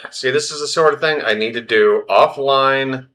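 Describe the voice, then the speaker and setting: A man hosting a baseball livestream, flustered and self-deprecating, muttering his way through the play-by-play. His voice is bright and forward, pitched at an everyday middle. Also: normal speed. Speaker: baseball stream host. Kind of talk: casual live play-by-play.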